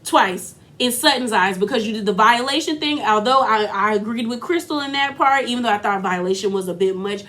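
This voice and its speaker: Woman recap host, slightly high voice, sassy slangy delivery. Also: brisk, hardly any pauses. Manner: animated, sassy, slangy retelling with acted-out quotes. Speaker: reality TV recap commentator. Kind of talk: casual recap commentary.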